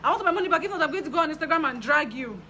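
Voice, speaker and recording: A woman voicing a furious, insulting female client who shouts and scolds in a loud, high voice. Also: expressive, very fast, slight background noise.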